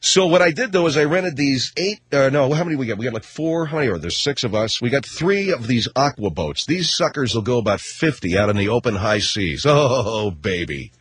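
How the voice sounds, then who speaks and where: Husky middle-aged man ranting sarcastically. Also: medium pitch, expressive, fairly quick, hardly any pauses, a bit bright, dry recording. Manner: rambling, sarcastic, swears casually, self-interrupting. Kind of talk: comedic rant monologue.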